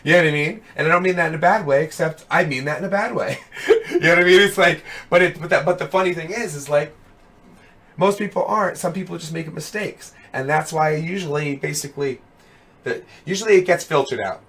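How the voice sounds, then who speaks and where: A young streamer hosting a web show chats casually with his viewers over a headset, his voice hoarse and worn yet on the high side, brisk and a bit bright. He rambles with plenty of fillers like "you know what I mean," calling people dude and brother.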